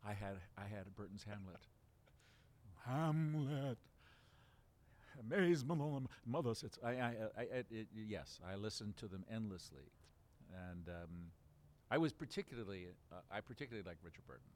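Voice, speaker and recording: A man's voice: low voice, creaky, slight background noise. A man in his seventies from Baltimore, talking through memories at length in an interview, rambling with many fillers and restarts. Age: 70s. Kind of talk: relaxed reminiscing interview.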